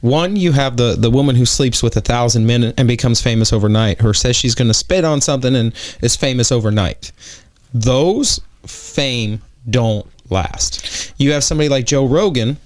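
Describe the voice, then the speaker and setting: A man's voice: medium pitch, normal speed. Guy cohosting a podcast, medium voice, blunt and opinionated. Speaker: podcast co-host. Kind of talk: casual podcast discussion.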